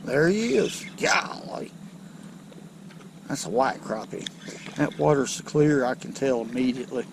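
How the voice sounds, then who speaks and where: Slow, gravelly fishing host. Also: male voice, medium pitch, background noise. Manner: folksy and excitable, talking to viewers. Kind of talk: casual fishing vlog commentary. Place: outdoors on a boat on a river.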